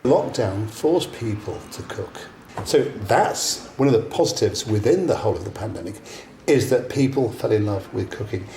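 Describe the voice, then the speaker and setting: Older guy chef chatting blunt, gravelly voice, echoey noisy room. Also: lowish voice, mellow. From England. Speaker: chef interviewee. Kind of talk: casual interview. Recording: echoey room with background noise.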